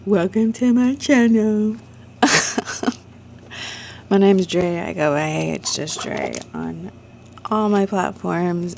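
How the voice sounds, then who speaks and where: A woman's voice: on the low side, vocal fry, a little hiss or hum. A young woman talking to her vlog camera, frustrated and venting, swearing, at times near tears. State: tearful, crying. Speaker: vlogger. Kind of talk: casual vlog talk.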